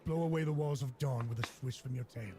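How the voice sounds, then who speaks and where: An actor voicing a gruff, battle-worn male soldier in a game, raspy and blunt. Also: mid-range voice, fast talker, very noisy, close to an everyday voice. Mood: wary. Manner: blunt and clipped.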